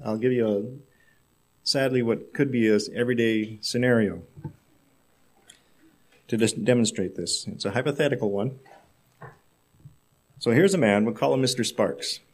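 A male preacher delivering a sermon, telling a story in measured, emphatic phrases. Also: mid-range voice.

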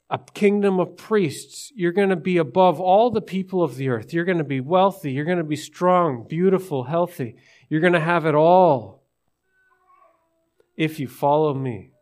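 A man's voice: high-pitched, darkish tone. A man preaching to his congregation, retelling a scripture story and asking listeners questions. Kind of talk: sermon.

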